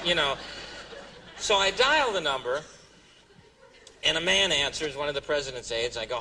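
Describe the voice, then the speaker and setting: A man telling a comic story on stage as a stand-up comedian, jumping into high squeaky voices for quoted exclamations. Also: big pitch swings, normal speed, pauses often. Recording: distant mic, noisy room ambience.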